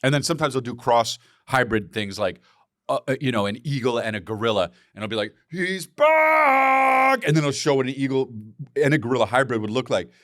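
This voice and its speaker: A man co-hosting a podcast in casual banter, animated and breaking into shouted sound effects. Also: medium pitch, fast, no room sound, clean studio sound. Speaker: podcast co-host.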